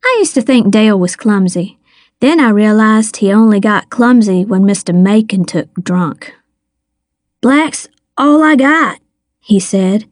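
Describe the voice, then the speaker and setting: A woman reading a first-person story aloud in an unhurried, expressive way, giving voices to the characters. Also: mid-range voice, no echo, clean studio sound. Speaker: audiobook narrator. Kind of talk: first-person audiobook narration.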